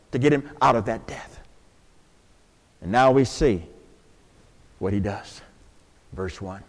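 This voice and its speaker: An older man preaching a sermon in a church, swinging from hushed, drawn-out pleas to loud calls to the congregation. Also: mid-range voice. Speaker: pastor. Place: church sanctuary. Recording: long hall reverb.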